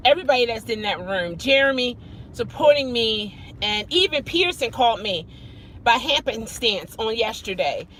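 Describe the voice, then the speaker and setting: A middle-aged woman chatting casually on a live stream, greeting viewers by name as she tells her story. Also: a little hiss or hum. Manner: expressive, jumps high when emphasizing.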